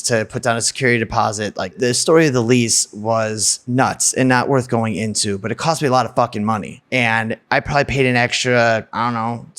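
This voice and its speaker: Guy telling his own story straight, blunt and a bit sweary, average voice. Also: medium pitch. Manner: blunt, swears freely, fast emotional retelling. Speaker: guest telling a personal story. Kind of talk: candid personal storytelling.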